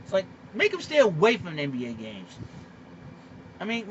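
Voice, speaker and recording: A man ranting in a casual monologue, animated and exasperated, full of fillers and restarts. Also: high voice, normal speed, long pauses. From Boston area. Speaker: vlogger. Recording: slightly muffled lo-fi recording with faint background noise.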